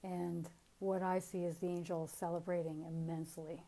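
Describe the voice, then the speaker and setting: Middle-aged woman medium, lively casual storyteller, laughs easily. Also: fairly low pitch, normal speed, slight background noise, low-quality recording. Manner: animated storytelling, frequent laughs. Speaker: spiritual medium. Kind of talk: casual spiritual talk.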